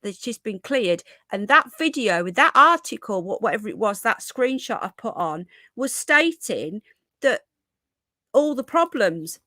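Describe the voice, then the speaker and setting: A woman's voice: fairly high pitch, big pitch swings, unhurried, sharp tone, no room sound, studio quality. A middle-aged woman from England hosts a live stream, chatting with viewers by name, often restarting and repeating words. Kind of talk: live stream commentary, reading chat.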